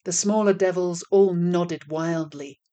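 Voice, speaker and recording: A woman reading a folk tale aloud, in a measured and expressive storytelling manner. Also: fairly low pitch.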